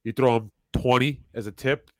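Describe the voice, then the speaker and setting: A man's voice: mid-range voice, steady tone, normal speed, no echo. A man co-hosting a casual podcast, laid-back and teasing, giving offhand advice. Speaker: podcast co-host. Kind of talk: casual chat.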